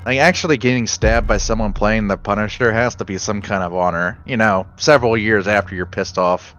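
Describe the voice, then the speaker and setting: A man's voice: fairly low pitch, a little fast, a bit bright, dull audio. A man streaming, chatting casually with friends, swearing and acting out movie lines.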